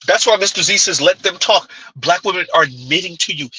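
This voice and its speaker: A commentary channel host, a man with a fairly high, piercingly bright yet husky voice, needles his live-stream audience with blunt rhetorical questions and mocking "huh?" asides. He is expressive and brisk with few pauses. The sound is close, dry, and echo-free but poor in quality.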